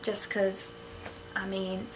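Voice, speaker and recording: A woman's voice: mid-range voice, completely flat delivery, slow pace, a little hiss or hum. A young woman giving blunt, playful opinions in a casual chat with a friend. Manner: blunt, playful, drifts into jokey mock accents. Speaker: guest vlogger.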